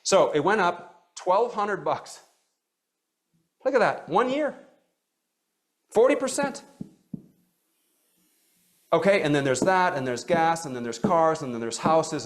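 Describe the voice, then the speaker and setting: A middle-aged man leads a live coaching seminar, his voice sitting a little high. He talks animatedly and tosses "okay?" in after nearly every point. He calls on people in the room and asks them direct questions. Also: measured pace, pauses often. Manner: animated, keeps checking in with "okay?". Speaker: practice coach. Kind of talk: live training seminar talk.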